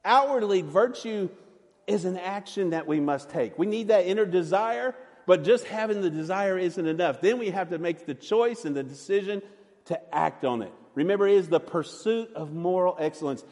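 Preacher man giving a sermon, slightly high voice, echoey sanctuary, earnest and dynamic. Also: animated, normal speed. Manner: earnest preaching that swings from loud to soft. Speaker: pastor.

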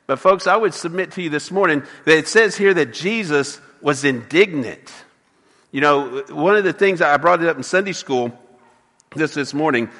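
A man's voice: fairly high pitch, lively intonation, normal speed, fairly bright tone, long reverb tail. A man preaching a sermon as a pastor, emphatic, with frequent restarts and acted quotes.

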